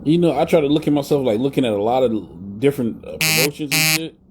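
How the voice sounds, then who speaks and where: A man's voice: mid-range voice, expressive, fast talker, noisy background. A man hosting a live wrestling talk show in a blunt, profane, rambling way. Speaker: podcast host. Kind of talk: casual live-stream rant.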